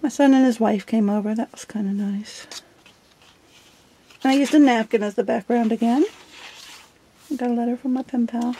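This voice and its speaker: A woman's voice: fairly high pitch, fairly even intonation, normal speed, pauses often, warm tone, breathy edge. A middle-aged woman chatting casually while flipping through her journal, giggly and self-deprecating. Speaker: journal vlogger. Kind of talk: casual show-and-tell chat.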